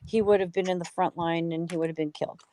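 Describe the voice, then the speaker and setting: A woman's voice: on the low side, steady tone, fast talker, warm tone, low-quality recording. A woman from the United States, a guest in a heated casual talk, ranting angrily and swearing constantly. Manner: angry, profane ranting.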